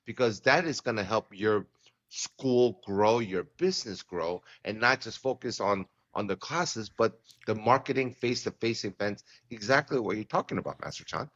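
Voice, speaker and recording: Teasing co-host: a man with a bright, forceful voice on a dull, lo-fi recording. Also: lowish voice, animated. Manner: teasing, quick interjections. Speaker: podcast co-host. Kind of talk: casual podcast chat. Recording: dull lo-fi sound.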